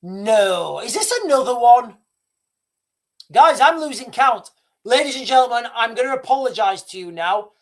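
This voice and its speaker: A man's voice: very high-pitched, animated, moderate pace. A man hosting a live stream, talking casually and rambling with many restarts. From Britain. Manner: rambling, restarts, chuckles at himself. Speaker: livestream host.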